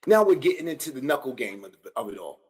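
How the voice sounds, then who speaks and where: Husky animated podcast host, a man. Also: mid-range voice, fast. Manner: animated, addresses viewers directly with slang. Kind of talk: solo fight-analysis podcast.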